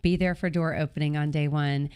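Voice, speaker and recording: A woman's voice: low voice, fairly even intonation, a little fast, a little mellow, clean tone. A woman hosting a live online Q&A, speaking with enthusiastic, coaching energy. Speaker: host and event organizer. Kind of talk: live online Q&A, motivational pitch.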